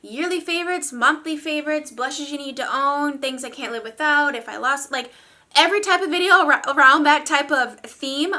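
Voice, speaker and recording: A woman's voice: high-pitched, sharp tone. A young woman reviewing makeup in a chatty, gushing way, full of fillers. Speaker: beauty vlogger. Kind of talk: casual product review.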